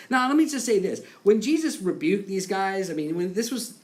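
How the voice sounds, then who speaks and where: Animated, conversational male preacher. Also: sits high, brisk, few pauses. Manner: conversational, animated, acts out quotes with laughs. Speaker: pastor. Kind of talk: sermon.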